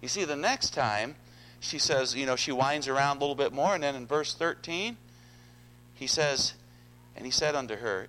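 A man's voice: mid-range voice, normal speed, sharp tone, a little hiss or hum, low-quality recording. Male pastor, sermon delivery, earnest and repetitive, mid-range voice. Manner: earnest, repeats words, addresses congregation.

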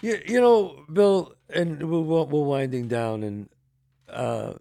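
A male interview host with a higher-than-usual voice that swings up and down. He chimes in with short, encouraging reactions before asking his questions. The recording is dry and close, with no room sound. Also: sing-song, slow pace, vocal fry, mellow, no echo. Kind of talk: casual interview chat.

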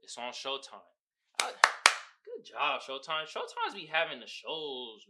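A young man hosting a podcast, casually retelling a TV show and memes, animated, swearing freely and acting out quotes. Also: on the high side, a little slow, over loud music. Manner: animated storytelling, swears a lot, acts out quotes. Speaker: podcast host. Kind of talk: casual chat.

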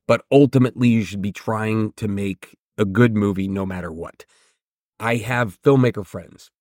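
A man's voice: mid-range voice, no echo. Emphatic male podcast host, dry close sound. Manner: conversational, emphatic, asks "right?" often. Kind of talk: solo podcast advice talk.

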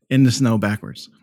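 A man's voice: mid-range voice, darkish tone, slightly rough, no echo, clean studio sound. A man co-hosting a casual podcast, a student pilot who jokes and rambles. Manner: joking, rambling.

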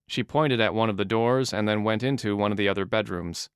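A man narrating an audiobook in a steady, even reading style. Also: fairly low pitch, fairly quick, clean tone, no room sound, clean studio sound.

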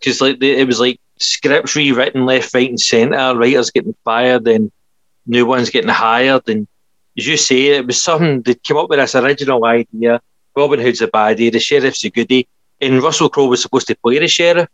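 A man's voice: mid-range voice, steady tone, moderate pace, a bit bright, no room sound, muffled recording. A man co-hosting a podcast, casually reviewing films with frequent laughs. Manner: laughing, rambling film reviews. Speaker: podcast co-host. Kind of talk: casual chat.

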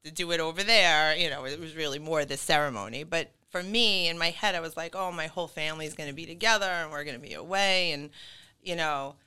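A middle-aged woman chats on a podcast, her voice bright and crisp. She rambles through her story with fillers and quick laughs, sitting slightly low in pitch for a woman. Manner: chatty, full of fillers and laughs. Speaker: guest. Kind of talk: casual podcast conversation.

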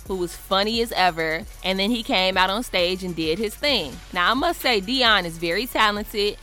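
Bright-voiced woman telling a story. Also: mid-range voice. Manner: animated and emphatic, slangy, acts out the quotes. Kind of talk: casual personal storytelling.

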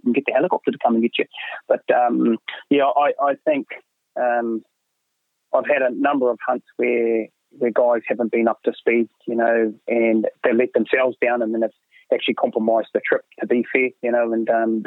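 A middle-aged man with a mid-range voice, a hunting guide appearing as a podcast guest, chats casually and rambles, packing his talk with fillers and saying "mate" again and again. The audio sounds like a tinny, dry phone line.

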